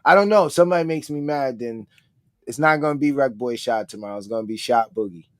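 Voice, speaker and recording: A laid-back man co-hosting a live talk stream, with a medium-pitched voice. He speaks in an easygoing way, full of casual slang. The sound is dry and close. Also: fast, no echo. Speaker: co-host.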